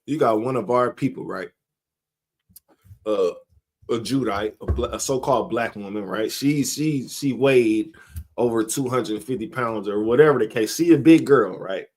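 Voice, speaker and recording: A middle-aged man runs a live stream, chatting casually and rambling, chuckling often and reading out viewers' names from the chat. His voice is mid-range and a little mellow, at a moderate pace.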